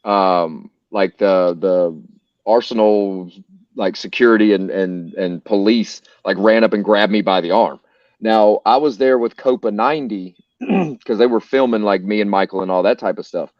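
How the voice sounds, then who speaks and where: Low-voiced American man swearing through a story. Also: normal speed, dry recording, dull audio. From United States. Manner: profane, rambling anecdotes with many fillers. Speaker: stream host. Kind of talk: casual storytelling on a live stream.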